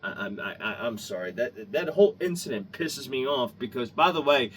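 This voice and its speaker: A man's voice: medium pitch, lively intonation, moderate pace, few pauses, fairly bright tone. Man, vlogger, angry rant, profane, rambling, distant mic, faint background hum.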